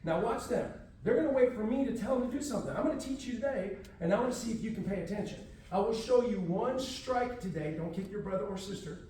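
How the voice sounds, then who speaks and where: A man's voice: sits high, fast talker, few pauses, mellow, a little hiss or hum. A man from Houston teaching a martial arts class to kids and parents in a firm, commanding, drill-like way. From Houston, Texas. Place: library room, echoey. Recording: echoey room, from far off.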